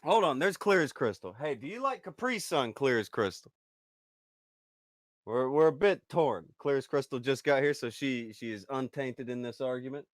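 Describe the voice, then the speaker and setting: A man's voice: medium pitch, expressive, moderate pace, no echo, studio quality. A man co-hosting a casual live stream, teasing the others and reading chat aloud. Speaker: co-host.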